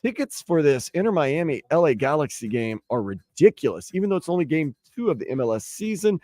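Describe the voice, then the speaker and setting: A man hosting sports talk radio, bantering and joking in a lively way. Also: fairly high pitch, fairly quick, no echo. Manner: animated, jokey, puts on silly voices for stories. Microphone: studio microphone.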